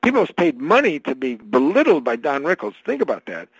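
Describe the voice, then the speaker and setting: A man being interviewed as an author guest, talking in an animated storytelling way and telling jokes. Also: on the high side, a little fast, slightly rough, dry recording, rough recording. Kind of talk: radio interview conversation.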